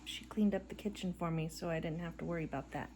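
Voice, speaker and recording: A middle-aged woman crocheting and chatting casually at home, rambling and tired, yawning between soft laughs. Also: on the low side, quick pace, a little hiss or hum. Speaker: crochet vlogger. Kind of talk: casual chat while crocheting. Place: living room at home. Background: faint background audio playing.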